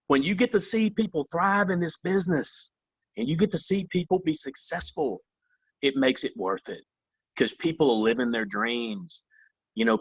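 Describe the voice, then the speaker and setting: Earnest man, bright voice, call audio. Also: mid-range voice, no echo, muffled recording. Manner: earnest, repeats phrases, says "man" and "you know" often. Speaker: company vice president, interview guest. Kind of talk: candid interview answers.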